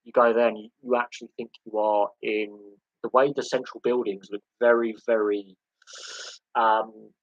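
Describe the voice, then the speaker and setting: A man's voice: on the low side, flat delivery, normal speed, dry recording, highs cut off. A man hosting a casual live sports hangout, rambling with many fillers and restarts. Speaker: livestream host.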